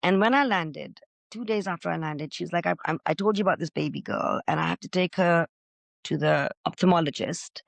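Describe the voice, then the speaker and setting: A middle-aged woman, a podcast guest, telling her own story with feeling, loud and gregarious by her own account. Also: lowish voice, a little fast, gravelly, no room sound. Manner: expressive, says she is loud and gregarious. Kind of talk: emotional personal storytelling.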